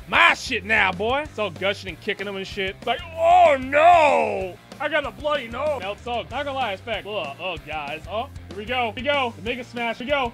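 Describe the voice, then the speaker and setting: A man with a very high voice reacts to a movie as he watches, excitable and profane, full of sudden exclamations. Faint music plays behind him. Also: brisk, few pauses. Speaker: movie reviewer. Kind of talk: live movie reaction commentary.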